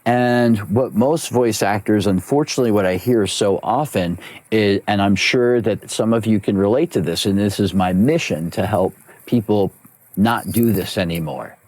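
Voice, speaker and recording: Low-voiced man explaining voice acting. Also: normal speed, no echo. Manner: animated, explanatory, repeats key phrases. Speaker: voice actor and coach. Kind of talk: interview guest explaining his craft.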